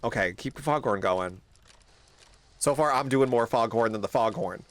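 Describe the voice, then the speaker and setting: A young man streaming a horror game, swearing, yelping and laughing loudly whenever something startles him. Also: medium pitch, normal speed. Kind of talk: live horror game playthrough.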